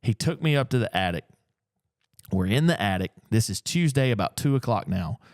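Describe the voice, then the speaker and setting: A man's voice: fairly low pitch, normal speed, no room sound, clean studio sound. Folksy storyteller, middle-aged man. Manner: animated, folksy, acts out the people in his stories. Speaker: antiques picker and auction dealer. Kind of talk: casual storytelling. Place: auction gallery.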